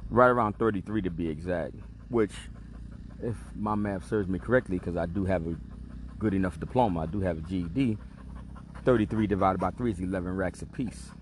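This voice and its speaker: A man with a very deep, low voice tells a rambling personal story on his podcast. He talks in a laid-back, streetwise and profane way, with a faint hiss of noise behind him. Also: brisk. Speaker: podcast host. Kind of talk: casual storytelling monologue.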